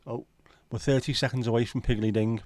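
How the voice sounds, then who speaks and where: Brisk and steady, a medium-pitched, slightly mellow male voice comes through with no room sound. The speaker, a middle-aged livestream host, reads out viewer comments and rambles jokily as if chatting at the pub.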